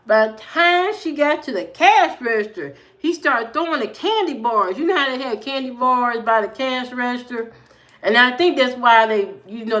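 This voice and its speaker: Woman, live streamer, casual storytelling, animated, bright tone. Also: high-pitched. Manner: animated storyteller, acts out quoted voices.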